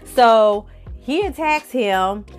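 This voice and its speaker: A woman recapping an episode in a casual vlog, animated and profane, acting out the characters' lines as she tells it. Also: a little high, very slow, smooth, faint music behind. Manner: animated, profane storytelling with acted-out quotes. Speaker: film review vlogger.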